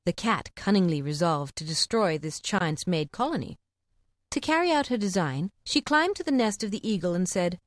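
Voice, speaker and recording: A woman narrating an audiobook of fables with clear, expressive storytelling. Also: fairly low pitch, normal speed, dry recording, studio quality.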